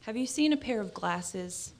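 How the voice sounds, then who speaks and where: A woman's voice: mid-range voice, expressive, measured pace, creaky. A woman reading aloud, voicing a casual, apologetic man who is looking for his glasses. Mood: offhand. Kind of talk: literary reading.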